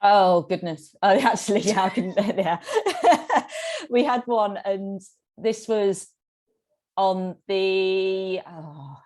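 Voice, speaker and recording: A tandem cyclist guesting on a podcast speaks slowly in a mid-range voice. Her casual storytelling is animated and giggly, with frequent laughter cutting into her sentences.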